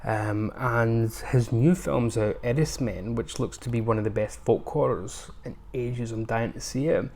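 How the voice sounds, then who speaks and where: A man's voice: mid-range voice, measured pace, few pauses, a little mellow, slight background noise. A man giving a casual, rambling review of his film purchases, with many ums and restarts. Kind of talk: casual unscripted haul review.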